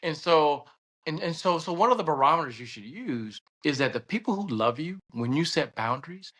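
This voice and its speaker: A man with a Southern American accent, a guest telling stories in casual conversation, animated and laughing often as he acts out voices. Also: on the high side, brisk, husky. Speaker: podcast guest, surgeon and state senator.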